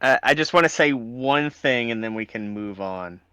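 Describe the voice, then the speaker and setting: A teasing man at a tabletop game, with a bright, forward voice that sounds smooth and crisp. The sound is close and dry. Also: medium pitch, expressive, moderate pace, no echo. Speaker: player.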